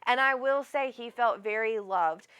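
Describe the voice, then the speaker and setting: A woman's voice: a little high, unhurried, a bit bright, clean tone. A woman hosting a live psychic reading, chatty and rambling, often calling people honey. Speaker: psychic medium host.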